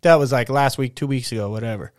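A man's voice: medium pitch, fast talker, no room sound, studio quality. A man hosting his podcast at home, telling a work story in a casual, rambling and profane way. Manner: rambling, profane, animated retelling. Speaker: podcast host. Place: at home getting ready for bed.

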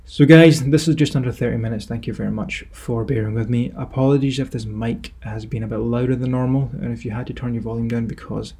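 A man's voice: medium pitch, fairly even intonation, quick pace, few pauses, mellow, breathy edge. A young Scottish man hosting his own podcast, giving an encouraging, rambling pep talk on a headset mic. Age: young adult. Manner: encouraging, rambling with fillers and restarts. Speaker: podcast host and personal trainer.

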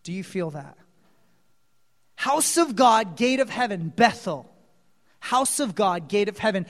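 Man preaching, lively storyteller, quizzes the audience, speaks slowly; large echoing hall. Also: high voice. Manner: animated storyteller, asks the audience questions. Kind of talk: sermon retelling a Bible story. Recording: long reverb of a large hall.

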